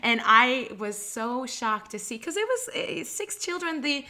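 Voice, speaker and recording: Woman guest, bright, sharp voice, hesitant and chatty storyteller. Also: fairly high pitch, sing-song, unhurried. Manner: chatty, hesitant with many fillers. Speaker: guest, former restaurant host at a theme park. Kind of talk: casual anecdotal conversation.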